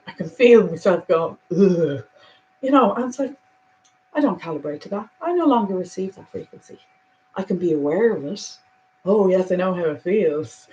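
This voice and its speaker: A woman giving a reflective spiritual monologue, earnest and animated, moving between soft musing and emphatic conviction. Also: medium pitch, muffled recording. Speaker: spiritual speaker.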